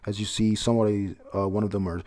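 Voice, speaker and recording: A man's voice: on the low side, little pitch movement, fast, a little mellow. A man reading through a comic chapter aloud in a casual, blunt way, swearing freely and reacting as he goes. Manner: reads panels aloud, blunt, swears freely, laughs at surprises. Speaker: manga chapter reviewer.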